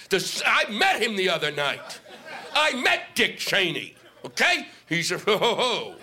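Middle-aged male stand-up, profane exasperated rant, high lively voice, live-mic noise behind. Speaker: stand-up comedian. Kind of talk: stand-up comedy set. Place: stage before an audience.

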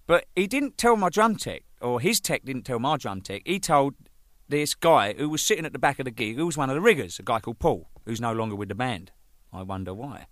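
A man spins rambling band stories with a bright, forceful voice that swings widely in pitch. He swears freely and laughs as he goes, and the recording is dry and close. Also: no room sound. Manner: animated, swears freely, laughs mid-story. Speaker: rock drummer telling band stories. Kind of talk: casual anecdotal storytelling.

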